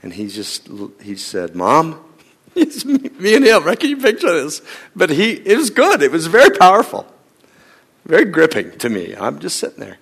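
A man, a pastor, telling a story in a sermon and acting out both sides of a conversation, sometimes dropping to a hushed near-whisper. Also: a little high, wildly swooping pitch, normal speed, vocal fry, breathy edge. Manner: acts out both sides of a dialogue, drops to a hushed near-whisper in tender moments.

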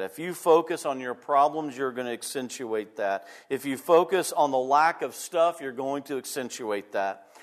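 Emphatic preaching man, slow delivery. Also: medium pitch. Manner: emphatic preaching with repeated phrases, swinging from loud to soft. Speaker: pastor. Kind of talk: sermon.

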